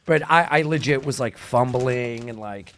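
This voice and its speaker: A man from Brooklyn, a comedian and podcast host telling lively stories in casual chat. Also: medium pitch, moderate pace. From Brooklyn, New York. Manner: animated storyteller, acts out quoted voices.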